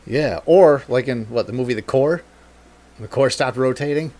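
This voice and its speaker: A man's voice: medium pitch, moderate pace, a little mellow. A man hosting a casual podcast chat, rambling and swearing freely, laughing often and reading snippets aloud. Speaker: podcast host.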